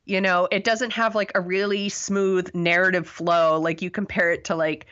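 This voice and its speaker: A woman co-hosting a podcast rambles loosely through a movie review, full of fillers and self-deprecating laughs. Her voice is fairly low and fairly bright, delivered flatly at a moderate pace, and the audio sounds dull.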